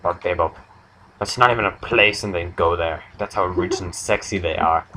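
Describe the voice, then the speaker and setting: A young man hosting an improvised comedy chat, rambling through absurd deadpan jokes. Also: sits low, normal speed, rough recording. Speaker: comedy podcast host.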